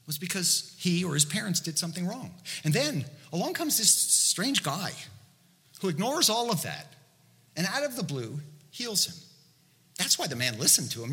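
A man preaching a sermon in an animated, conversational way, asking the listeners many rhetorical questions. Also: high-pitched, long reverb tail. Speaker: pastor.

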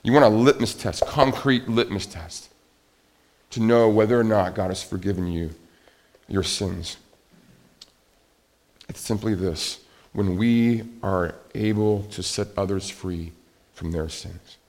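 A man's voice: slow pace, pauses often. Middle-aged male pastor preaching dynamically. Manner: dynamic, swings from loud emphatic peaks to quiet confessional lows. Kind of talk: sermon.

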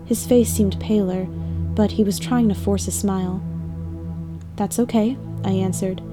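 A woman's voice: mid-range voice, steady tone, normal speed. A woman narrating a scripted first-person story with an emotional, dramatic delivery. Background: music bed.

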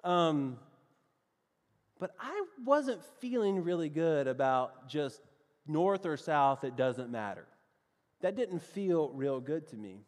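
A Southern-accented pastor tells a story from the pulpit, calling out to his congregation as friends. His voice sits a bit high for a man and keeps an animated, storytelling lilt. The sound rings with the long reverb of a large hall. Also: slow pace. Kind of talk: sermon with a personal story.

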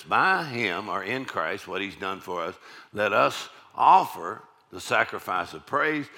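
A man with a deep voice preaching a sermon, repeating his key lines and calling out "amen" to the congregation. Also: bright, forceful tone.

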